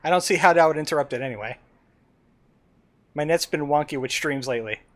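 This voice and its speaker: A man streams a game while rambling casually, addressing both himself and his viewers. His voice is a little high, brisk, and a bit bright.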